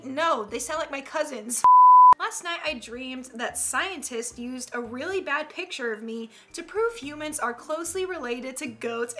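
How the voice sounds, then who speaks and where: A young woman hosting a casual comedic meme reaction, animated and quick to laugh. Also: high-pitched. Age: young adult. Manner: animated, laughs often, playful.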